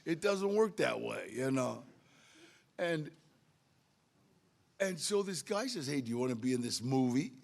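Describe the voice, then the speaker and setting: Gravelly man sharing his recovery story at a meeting, streetwise and animated in the dialogue. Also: mid-range voice, unhurried, pauses often. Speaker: AA speaker.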